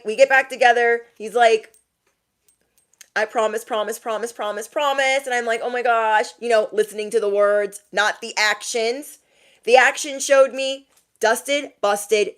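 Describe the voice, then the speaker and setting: A woman tarot reader giving a casual message to her viewers, chatty and animated, often laughing and repeating lines for emphasis. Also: mid-range voice. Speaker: tarot reader and motivational YouTuber.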